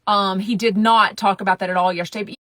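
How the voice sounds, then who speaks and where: A woman's voice: medium pitch, steady tone, fast talker, bright, forceful tone, dry recording. A woman, hosting a casual gossip podcast in a chatty, blunt, profane way, sometimes dropping to a whisper. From Texas. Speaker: podcast host.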